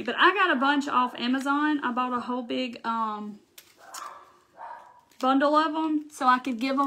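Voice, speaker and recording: Southern woman, middle-aged, high voice, chatty live-stream crafter who thanks viewers. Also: pushed and bright, slight background noise. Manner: chatty, reads out and thanks viewers' comments while working. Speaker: craft livestream host. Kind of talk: casual live crafting chat.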